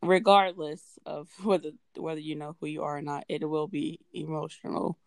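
A woman hosting a casual podcast chat, speaking in an unhurried, reflective way. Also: sits low, level tone, vocal fry, a little mellow, dry recording. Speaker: podcast host.

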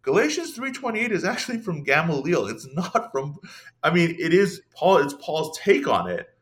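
A young man, a podcast guest, talking in an animated, casual way, with many restarts and asides. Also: a little high, moderate pace. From Iran. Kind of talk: casual conversational discussion.

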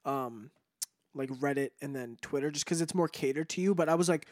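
A man's voice: a little high, a little fast, a little mellow, dry recording, studio quality. A man co-hosting a podcast in casual chat, rambling with lots of fillers and swearing. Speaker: podcast co-host.

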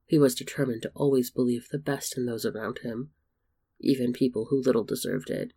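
A man narrating a story in a steady, measured reading voice. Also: medium pitch, gravelly, husky. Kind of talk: storybook fan fiction reading.

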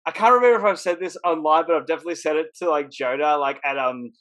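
A man's voice: a little high, quick pace, a bit bright. A young man, a podcast guest, telling stories in casual chat and laughing as he goes. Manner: laughing storyteller.

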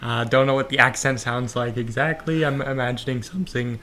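Guy putting on a goofy kinda-german persona, halting and jokey. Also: medium pitch, steady tone, sharp tone, a little hiss or hum. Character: goofy vaguely German-sounding country persona, male.

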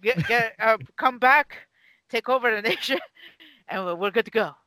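A podcast host chatting casually in an excitable, teasing way. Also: mid-range voice, moderate pace, no room sound, rough recording. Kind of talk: casual chat.

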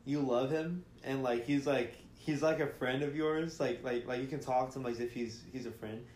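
A man co-hosting a casual chat podcast, speaking in a laid-back, halting way full of fillers. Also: mid-range voice, darkish tone, slight background noise. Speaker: podcast co-host, drummer. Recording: echoey room.

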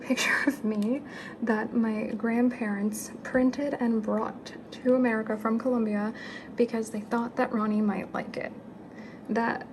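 A young woman in a soft, chatty, giggly whisper, giving an ASMR house tour of her home. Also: fairly high pitch, creaky. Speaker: ASMR creator. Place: home, indoors. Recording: steady background hiss with clicks.

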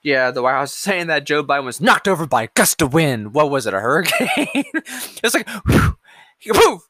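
A man's voice: a little high, sing-song, quick pace, pushed and bright, no room sound. A man hosting a podcast, ranting casually about politics, sarcastic and profane, drifting off into hummed filler between stories. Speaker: podcast host.

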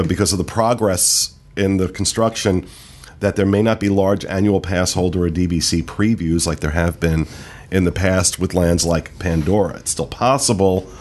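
A man hosting a casual podcast, reading out park news in a relaxed way with many fillers. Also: sits low. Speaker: podcast host. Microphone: studio mic.

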